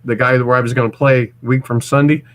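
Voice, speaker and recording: A man's voice: medium pitch, level tone, fast. A man in his forties from Missouri, telling casual stories as a guest, rambling with restarts and stammers. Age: 40s. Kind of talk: casual storytelling.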